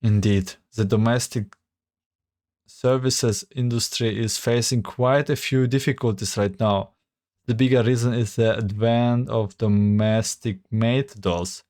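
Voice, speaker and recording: A man's voice: medium pitch, fairly even intonation, measured pace, a little mellow, natural voice. A man voicing a formal, analytical female android doll who talks in stiff, data-driven phrases. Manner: stiff, data-citing, earnest.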